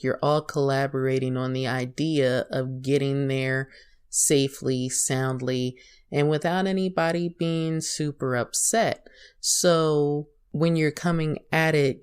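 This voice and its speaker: A woman hosting her podcast, talking through her thoughts in a relaxed, conversational monologue with a touch of self-deprecating humor. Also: low-pitched, clear, resonant tone. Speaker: podcast host.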